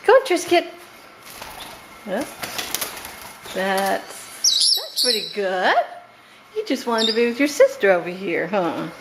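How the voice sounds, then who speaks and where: A woman filming her pet parrots at home, coaxing them in a high, sing-song pet voice and laughing often. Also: big pitch swings, slow, pauses often. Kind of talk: home video chat with pet birds. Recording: home camera with loud background noise.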